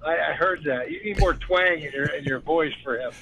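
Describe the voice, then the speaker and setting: A man's voice: a little high, moderate pace, pushed and bright, low-quality recording. A man calling in to a talk show who chats in a laid-back, friendly way with frequent fillers. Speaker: call-in guest. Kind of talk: casual phone-in chat.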